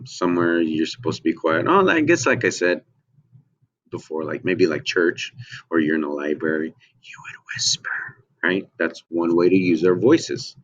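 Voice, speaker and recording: Low-pitched male teacher talking kids through a lesson, lots of ums and "okay?", muffled lo-fi sound. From United States. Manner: checks in with frequent "okay?" and "right?", many ums. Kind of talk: lesson for children. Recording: dull lo-fi audio.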